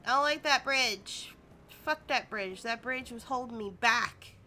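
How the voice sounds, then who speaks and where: A woman's voice: fairly high pitch, unhurried, pushed and bright, a little hiss or hum. A young woman streamer giving playful, chatty commentary as she plays, often talking to the game itself. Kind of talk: casual gameplay commentary.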